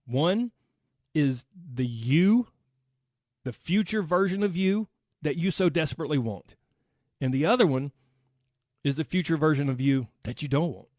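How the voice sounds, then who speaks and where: A man's voice: on the high side, expressive, a little slow, pauses often, a little mellow, no room sound, studio quality. A man with a Southern American accent hosting a solo podcast in an upbeat, chatty way, talking straight to his listeners. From United States. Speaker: podcast host.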